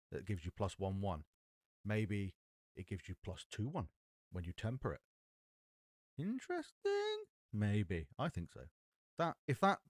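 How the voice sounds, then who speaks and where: A man's voice: on the low side, a little mellow, dry recording. A man chatting casually on a live stream, reading card text aloud and puzzling over a rule while talking into an XLR mic.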